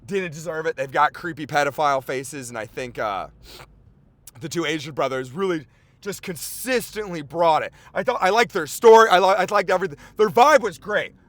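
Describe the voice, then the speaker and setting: Man, podcast host, high voice, very animated pitch, rambling, profane, excitable. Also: moderate pace, no room sound. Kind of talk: casual rambling chat.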